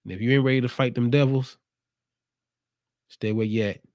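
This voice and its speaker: A man's voice: medium pitch, steady tone, moderate pace, darkish tone, no room sound, clean studio sound. A man hosting his own show, delivering a casual, streetwise motivational monologue with a preachy edge. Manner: laid-back, streetwise, preachy. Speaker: show host.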